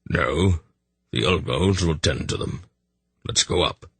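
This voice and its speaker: A man doing a gruff old sorcerer. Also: rumbling low, takes it slowly, fairly bright tone, no room sound, exaggerated voice. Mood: matter-of-fact. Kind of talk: audiobook character voice.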